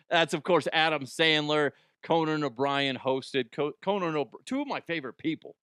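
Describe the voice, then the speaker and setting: A man's voice: a little high, normal speed, pushed and bright, clean tone, dry recording, clean studio sound. Jokey man rambling through comedy news. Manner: rambling, jokey, self-interrupting. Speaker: podcast host. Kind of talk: casual comedic commentary.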